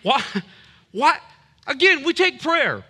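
A man's voice: extremely high pitch, very animated, slow pace, bright, forceful tone. A man preaching a sermon as a pastor, emphatic and punchy, with humorous asides.

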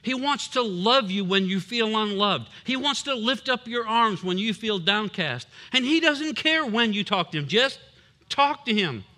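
A man's voice: high-pitched, animated, unhurried, pushed and bright. A man preaching a sermon as a pastor, emphatic and punchy, with humorous asides.

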